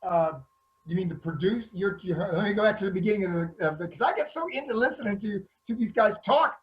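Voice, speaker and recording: A man with a Southern accent and a notably high voice, chatting in an animated way with the odd laugh. His sound comes through a video call and is somewhat muffled. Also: quick pace. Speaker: panelist, martial arts actor. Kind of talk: casual panel talk.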